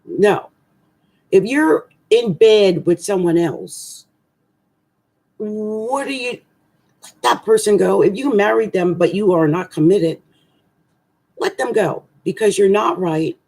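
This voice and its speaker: A woman's voice: mid-range voice, measured pace, vocal fry, a little mellow. A middle-aged woman astrologer rambling through a casual, tongue-in-cheek horoscope reading.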